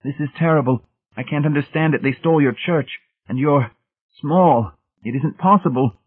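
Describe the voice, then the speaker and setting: A man's voice: a little high, moderate pace, breathy edge, no echo, pitched above the performer's own voice. A desperate man pleads in a strained, raised voice, as a male narrator acts him out. The sound is thin and narrow, like it's coming down a phone line. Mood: pleading. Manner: pleading, distraught. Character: anguished grown man, a lost believer pleading. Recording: tinny phone-like band.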